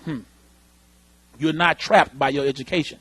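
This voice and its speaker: High husky voiced pastor guy preaching in church, keeps asking the crowd if they're with him, dry sound. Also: normal speed, no echo. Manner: animated preaching, calls out to the congregation. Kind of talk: sermon. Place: church sanctuary.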